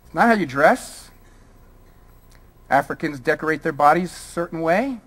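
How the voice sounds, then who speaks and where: A man's voice: fairly high pitch, expressive, moderate pace, a bit bright. A man from Brooklyn giving a college lecture, firing a string of rhetorical questions at the audience. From Brooklyn, New York. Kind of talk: public lecture.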